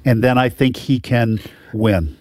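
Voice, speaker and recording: A man's voice: mid-range voice, a little slow, a little mellow, dry recording. A man co-hosting a political talk radio show, arguing his points with emphasis. His voice sits in an ordinary middle range, recorded dry and close in the studio. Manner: opinionated, argues points with emphasis.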